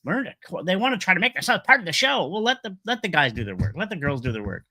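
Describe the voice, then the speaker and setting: A man's voice: sits high, big pitch swings, fast talker, sharp tone, no room sound. A man casually recapping and ranting about a wrestling show, rambling with lots of fillers and strong opinions.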